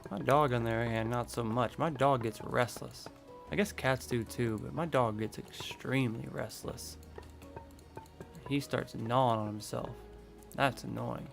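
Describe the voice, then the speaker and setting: Gravelly guy rambling on a game stream, hedging everything w probably. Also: medium pitch, fairly even intonation, a little slow, soft background music. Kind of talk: casual live-stream chat while building.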